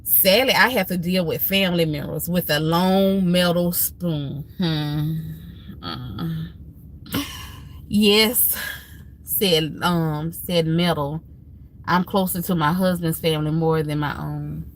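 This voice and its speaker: A woman's voice: low-pitched, slow pace, slight background noise. A woman hosting a live stream, talking casually and earnestly to her viewers, telling family stories in a heartfelt, preachy way. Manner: heartfelt, preachy storytelling with Southern Black church phrasing.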